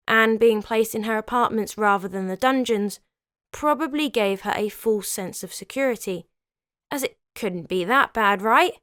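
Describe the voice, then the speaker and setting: A woman's voice: fairly high pitch, a bit bright, no echo, studio quality. A woman hosting a history video, telling the story in a scripted but conversational way, with chatty asides.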